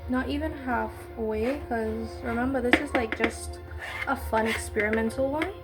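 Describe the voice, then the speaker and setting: A woman's voice: on the high side, fairly even intonation, moderate pace. Slangy woman rambling thru a baking vlog, cheeky asides, music playing under her. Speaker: baking vlogger.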